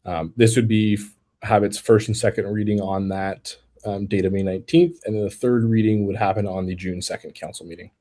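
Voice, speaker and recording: Low, dark-voiced man explaining a bylaw. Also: steady tone, fairly quick. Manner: careful, technical, with frequent restarts and "um"s. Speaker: city staff member answering public questions. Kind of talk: explanatory answers at an online public meeting.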